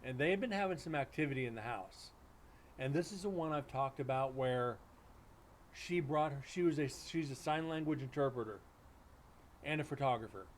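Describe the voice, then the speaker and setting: A man's voice: medium pitch, normal speed, a little hiss or hum. Man telling a ghost story. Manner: rambling, animated storytelling with many restarts and quoted dialogue. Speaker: paranormal investigator. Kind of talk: casual storytelling on a live stream.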